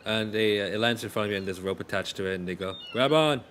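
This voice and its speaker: A man running a tabletop game as game master, his voice on the low side. He narrates haltingly, pausing and restarting often, with faint room noise in the background. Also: level tone, fairly bright tone. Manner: hesitant, many fillers and restarts.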